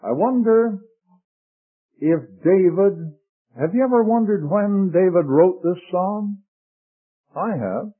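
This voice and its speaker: An older man preaching a sermon slowly and deliberately, sinking into a hushed low voice when he speaks scripture. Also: animated. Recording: tinny lo-fi radio broadcast.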